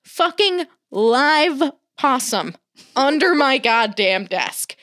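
Profane, animated woman telling a story. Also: high-pitched, takes it slowly. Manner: animated, swears a lot, acts out quotes.

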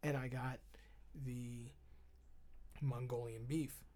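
A man's voice: mid-range voice, flat delivery, slow, mellow. A man co-hosting a podcast in casual chat, self-deprecating and often laughing at himself. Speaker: podcast co-host.

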